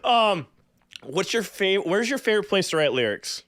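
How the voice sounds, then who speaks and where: A male host runs a relaxed livestream interview, laughing often between questions. His voice is very animated, swooping high and low. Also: normal speed.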